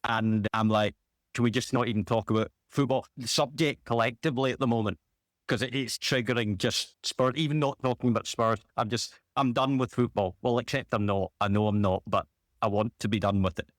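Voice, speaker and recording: A man's voice: mid-range voice, fairly even intonation, brisk, no room sound, studio quality. A man speaking as a guest on a casual football podcast over a video call, venting in a weary, exasperated way.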